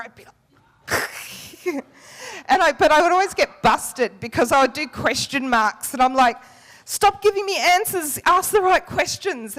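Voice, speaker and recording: A woman's voice: on the high side, a bit bright, big-room sound. A woman giving a candid personal talk to a conference audience, frank and self-mocking, swearing casually and laughing often. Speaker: conference workshop speaker. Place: conference room before a live audience.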